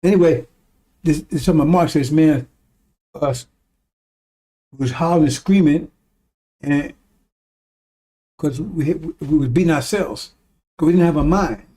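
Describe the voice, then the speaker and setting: High mellow guy rambling thru a religious talk, gets fired up and cusses. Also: unhurried, pauses often. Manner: rambling, emphatic, swears when worked up. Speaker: religious teacher. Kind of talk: informal religious teaching.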